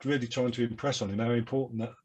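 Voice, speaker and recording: An older man with a London Cockney accent, his voice slightly husky and sitting at a middle pitch. He rambles through his memories in a self-deprecating way. He speaks over a video call. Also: level tone, quick pace, a little mellow. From London, England. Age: 70s. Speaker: guest musician. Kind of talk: reflective interview chat.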